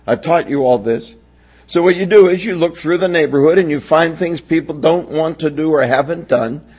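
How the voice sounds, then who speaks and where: A man's voice: fairly high pitch, a little fast, a little mellow, husky, dull audio. A pastor in his sixties from Pennsylvania, preaching a sermon with folksy, humorous storytelling. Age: 60s.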